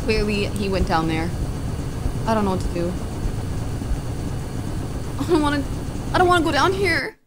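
A woman commenting on a video game as she plays, joking and reacting loudly to scares. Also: fairly high pitch, very animated, moderate pace, long pauses, background noise. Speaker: gaming streamer. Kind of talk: let's play commentary. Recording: game music behind the voice. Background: game music.

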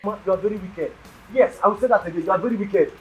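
A man's voice: sits high, fast, soft background music, natural voice. An actor with a Nigerian accent playing an impatient young man desperate to travel abroad, pleading and stammering. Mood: resentful. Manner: excitable, pleading, stammering repetitions. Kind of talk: film drama acting.

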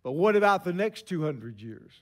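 A man in his sixties preaching a sermon, telling stories with emphatic pauses. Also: high-pitched, big pitch swings, fairly bright tone.

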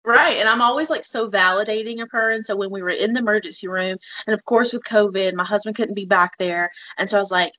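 A woman's voice: mid-range voice, fast talker, few pauses, muffled recording. A woman in her thirties co-hosting a podcast, speaking earnestly and emphatically. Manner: earnest, emphatic, animated quoting. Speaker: podcast co-host. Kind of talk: casual podcast conversation.

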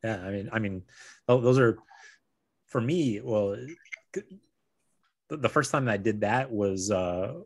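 Low raspy guy hosting a wine tasting on a video call, keeps stumbling and repeating himself. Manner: halting, repeats words, laughs often. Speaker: host of a virtual wine tasting. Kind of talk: casual chat on a video call.

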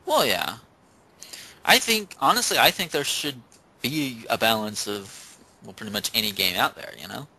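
A man's voice: medium pitch, expressive, moderate pace, bright, forceful tone, breathy edge, poor audio. A man on a casual podcast who gives the game news, rambling with lots of fillers.

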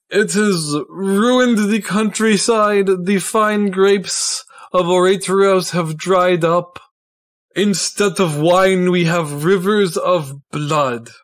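A man voicing a haughty male sorcerer villain, speaking pompously and slowly in a tabletop game. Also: sits high, voice pushed up. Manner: pompous, theatrical, slow deliberate speech.

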